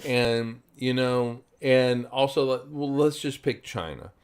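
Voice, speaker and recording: Slow, rambling man. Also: mid-range voice, fairly even intonation, darkish tone, smooth. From South Carolina, US. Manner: rambling, many fillers and restarts. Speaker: podcast co-host. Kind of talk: casual chat.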